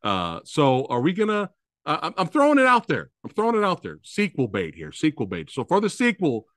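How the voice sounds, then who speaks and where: A man's voice: a little high, huge pitch swings, fairly quick, dry recording, studio quality. A man hosting an interview podcast, talking with hyped, enthusiastic fan energy. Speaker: podcast host. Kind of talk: casual interview chat.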